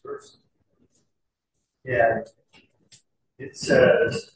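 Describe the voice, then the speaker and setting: A middle-aged man gives an earnest, conversational sermon to his congregation, full of small fillers, slowing way down to stress words of scripture. His pitch is ordinary and his pace unhurried, and he's captured from a distance in a big, very echoey hall with slight background noise.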